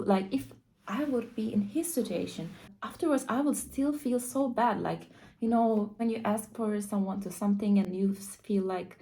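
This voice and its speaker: Animated young woman telling a story. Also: on the high side, poor audio. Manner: animated, indignant retelling with frequent "like" fillers. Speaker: vlogger. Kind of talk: casual storytelling to camera.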